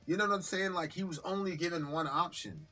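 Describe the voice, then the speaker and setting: A man co-hosting a live stream, talking bluntly with a lot of profanity and animated storytelling. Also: sits high, a little fast, faint music behind. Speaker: co-host of a live reaction stream. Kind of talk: casual heated discussion.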